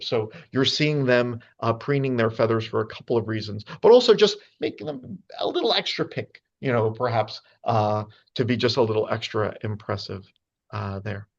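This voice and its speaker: A man's voice: mid-range voice, expressive, normal speed, creaky, muffled recording. A man giving a casual, chatty lecture with slides to a group of birders, full of fillers and playful asides. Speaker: speaker giving a talk to birders.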